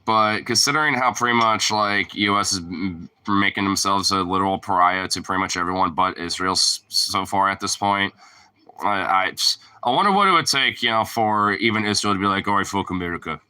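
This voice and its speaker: Low-voiced man with a sharp, bright tone. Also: normal speed, smooth. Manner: rambling and profane, full of "like" fillers. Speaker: streamer. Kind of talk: casual chat.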